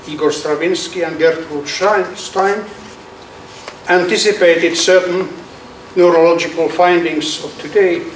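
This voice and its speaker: An older man, an architect, reading a prepared lecture aloud in a slow, measured way with occasional restarts. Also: on the high side. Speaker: architect giving a symposium lecture. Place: lecture hall. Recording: echoey hall, speaker far from mic, faint hiss.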